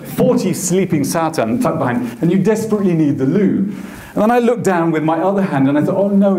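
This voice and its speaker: A man telling a comic story on stage at a masterclass, self-mocking and animated, acting out the voices of the people he quotes. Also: a little high. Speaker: photographer giving a masterclass talk. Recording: echoey hall.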